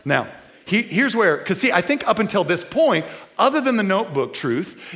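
A man preaching a sermon to a live congregation, animated, with folksy asides, moving between loud and quiet. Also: on the high side, a little slow. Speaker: pastor. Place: church before a live congregation.

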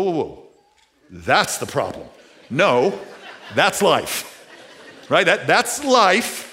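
Bright-voiced preaching man. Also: a little high, a little hiss or hum. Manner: conversational preaching with many fillers, swinging from loud to hushed. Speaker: pastor. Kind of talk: sermon. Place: church auditorium with audience.

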